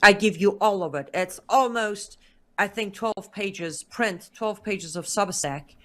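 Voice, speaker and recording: Female interview guest, mid-pitched, lively storyteller who voices the people she quotes. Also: a little slow. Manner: lively narrator who acts out quoted dialogue.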